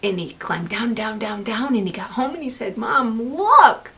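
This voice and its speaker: A woman librarian reading a fairy tale to children and explaining a craft, gently checking in with them. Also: medium pitch, lively intonation, normal speed. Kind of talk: children's story time reading.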